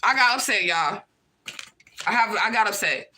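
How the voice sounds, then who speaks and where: A woman's voice: mid-range voice, expressive, moderate pace, sharp tone, a little hiss or hum. A woman hosting a livestream, talking to her viewers in a heated, profane, confrontational rant and repeating her points. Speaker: livestream host.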